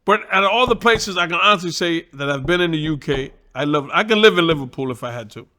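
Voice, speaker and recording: A man with a New York accent, a boxing trainer and guest telling profane, animated stories in casual talk. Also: a little high, fast talker. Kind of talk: casual storytelling.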